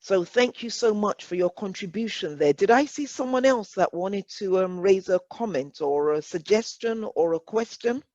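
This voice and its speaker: A woman's voice: medium pitch, lively intonation, moderate pace, few pauses, a little mellow, no echo. A woman leading a workshop discussion, speaking earnestly and reflectively, often repeating words as she works through a point. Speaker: workshop facilitator. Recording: dull lo-fi dry sound.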